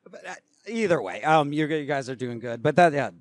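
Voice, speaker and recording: A man co-hosting a podcast, speaking in an easygoing, halting way with many restarts. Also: on the high side, lively intonation, no echo, studio quality. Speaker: podcast co-host. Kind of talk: casual podcast chat.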